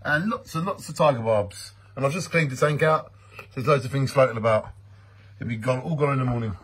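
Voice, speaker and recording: A man with a slightly husky voice sits at a middle pitch. He talks through his fish tank like a showman, drawing out grand introductions and humming a theme in between. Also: a little fast. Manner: mock-grand, sing-song, hums a theme tune. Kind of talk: playful home video commentary.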